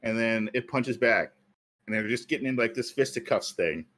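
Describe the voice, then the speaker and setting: A man's voice: medium pitch, moderate pace, fairly bright tone. A man co-hosting a podcast, telling a story at length in casual chat with many fillers. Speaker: podcast co-host.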